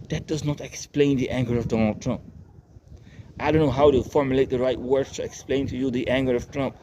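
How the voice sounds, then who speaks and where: A man's voice: medium pitch, darkish tone. A man ranting to his viewers in a rambling, profane, emphatic monologue that keeps circling back on itself. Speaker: online commentator. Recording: dull lo-fi with faint noise.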